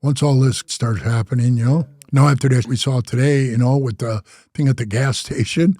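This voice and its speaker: An older man, a guest in a casual interview, tells loose and profane stories, slipping into voices when he repeats what people said. His mid-range voice has a dark tone at a normal speed, recorded with clean studio sound and no echo.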